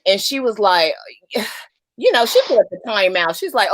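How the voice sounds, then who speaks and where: A woman's voice: medium pitch, sing-song, moderate pace, a bit bright, slight background noise. A woman in a casual livestream chat, telling a candid, wry story.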